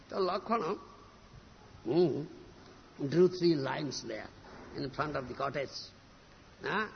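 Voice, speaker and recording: A man's voice: on the high side, animated, unhurried, gravelly, pauses often. A man giving a sermon that retells a scripture story, often checking his listeners with a questioning "huh?", heard in a reverberant hall on a dull lo-fi recording with a faint hum. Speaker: preacher.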